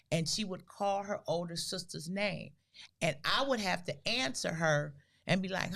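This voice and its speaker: An older woman co-hosting a podcast, telling family stories in a casual, animated way and acting out the quotes. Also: mid-range voice, moderate pace, vocal fry. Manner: animated storyteller who acts out quotes. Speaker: podcast co-host. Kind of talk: casual storytelling conversation.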